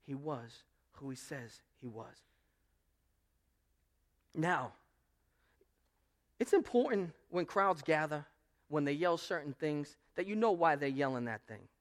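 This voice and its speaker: A male pastor preaching a sermon, swinging between loud proclamation and quiet asides. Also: fairly high pitch, expressive, takes it slowly, pauses often.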